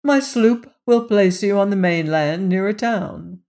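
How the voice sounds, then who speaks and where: A reader voicing a suave, menacing aristocratic Cossack general in an audiobook, with courtly, unhurried, drawn-out phrasing. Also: medium pitch, a little mellow, natural voice. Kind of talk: audiobook character reading.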